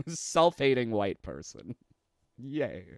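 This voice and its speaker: A man's voice: mid-range voice, big pitch swings, extremely slow, no echo, studio quality. A man with a Canadian accent, streaming and ranting casually, sarcastic and laughing often between phrases. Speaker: streamer and commentator. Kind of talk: casual livestream rant.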